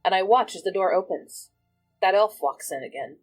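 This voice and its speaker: A woman player in a tabletop game, narrating what her character sees in measured storytelling. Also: mid-range voice, expressive, soft background music.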